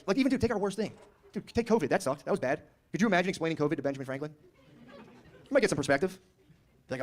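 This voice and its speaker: A brash, profane stand-up comic in his thirties works a club stage, bantering with the audience and playing characters. His voice is pitched fairly high.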